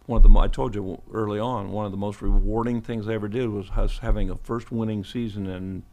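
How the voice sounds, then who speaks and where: Here the seventy-something football coach talks at a quick pace, his lowish voice steady and darkish. As a podcast interview guest, he spins chuckling, meandering stories and keeps restarting his sentences.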